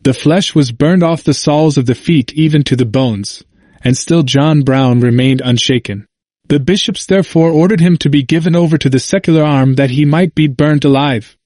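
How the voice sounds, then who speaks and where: Measured male narrator, dry sound. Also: fairly high pitch, no echo. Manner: steady, measured reading, quotes read with only slight lift. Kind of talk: scripted narration of a history book.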